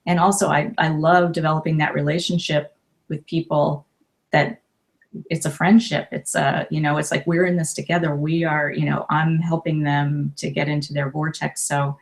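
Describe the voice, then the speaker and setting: A woman in her fifties, a life coach and author, talking warmly and emotionally in a casual interview, with many restarts. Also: low-pitched, flat delivery, moderate pace, vocal fry.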